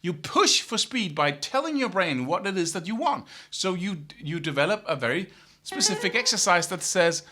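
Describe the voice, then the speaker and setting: A middle-aged man teaching guitar, talking in an animated way and scatting riffs with syllables. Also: high-pitched, normal speed. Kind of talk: spoken guitar lesson.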